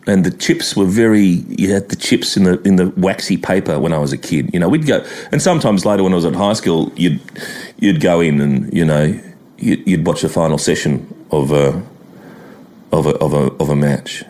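A man's voice: low voice, normal speed, darkish tone. A middle-aged Australian man from Queensland, a guest telling rambling, chuckling anecdotes and mimicking people in a casual interview.

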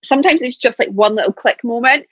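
A woman's voice: fairly high pitch, fast talker, fairly bright tone, dry recording. Chatty woman on a dull, dry line. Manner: chatty and self-mocking. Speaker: guest, coach. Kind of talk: casual chat.

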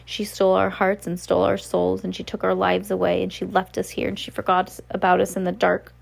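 A woman's voice: medium pitch, completely flat delivery, fairly quick, gravelly. A woman reading as sad whispering ghost children. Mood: mournful. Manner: hushed, wistful, old-fashioned speech.

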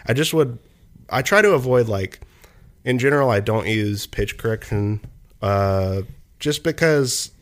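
A man's voice: mid-range voice, lively intonation, measured pace. A young man in casual conversation, talking at length about music production, with lots of fillers and restarts. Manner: rambling, many fillers and restarts.

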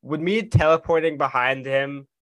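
A man playing a tabletop game who asks about the rules deliberately, in casual chat. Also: a little high, fairly bright tone, no room sound, rough recording. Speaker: player.

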